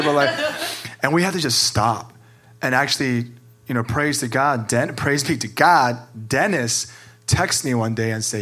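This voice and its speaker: A man's voice: medium pitch, moderate pace, a bit bright. A man who is a pastor, sharing candidly and with emotion, filling his talk with "like". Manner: earnest, emotional, many "like" fillers.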